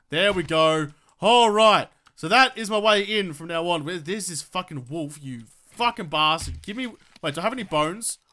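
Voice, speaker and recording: Bright high-voiced man ranting profanely. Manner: heavy swearing, exasperated ranting; talks to game enemies. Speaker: gaming video creator. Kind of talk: let's play commentary.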